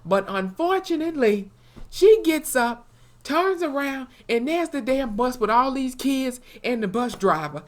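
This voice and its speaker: A young woman, recapping a TV episode in an animated, profane way and acting out the characters' lines. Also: sits high, a little slow. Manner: animated, profane storytelling with acted-out quotes. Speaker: TV episode reviewer. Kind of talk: casual recap vlog.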